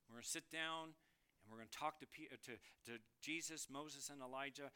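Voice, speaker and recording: A man preaching a sermon, lively and questioning, reading scripture aloud and asking the congregation questions. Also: mid-range voice, fairly quick, clean tone. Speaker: pastor.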